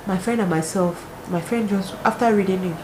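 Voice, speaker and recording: A young woman with a Cameroonian English accent, telling dating stories casually in an animated, dramatic way with exclamations. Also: mid-range voice, a little fast, noisy background. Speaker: vlogger. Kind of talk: casual storytelling. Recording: roomy echo, faint ambience.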